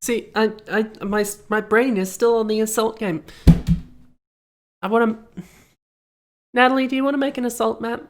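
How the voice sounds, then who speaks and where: A woman's voice: a little high, fairly even intonation, moderate pace, long pauses. A young woman streaming a game, rambling and cracking self-amused jokes as she plays. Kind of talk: casual commentary while playing.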